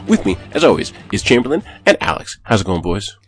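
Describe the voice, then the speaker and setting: A man's voice: lowish voice, very animated, fairly quick, music in the background. A man hosting a podcast, telling stories in a loose, self-deprecating way with casual swearing. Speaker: podcast host. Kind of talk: casual chat.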